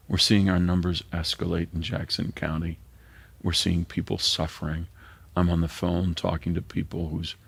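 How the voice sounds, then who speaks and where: A man's voice: low-pitched, creaky, slightly rough, no echo. An older man preaching a sermon as pastor, earnest and emotional, sometimes dropping to a whisper. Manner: earnest, emotional, drops to a whisper at tender moments.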